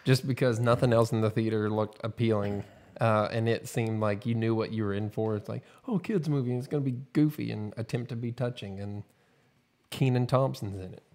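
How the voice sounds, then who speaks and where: A man co-hosting a casual movie podcast in a studio, excitable and peppering his talk with "dude". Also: lowish voice, a little fast. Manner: excitable, says "dude" a lot. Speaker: podcast co-host. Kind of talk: casual movie-news chat.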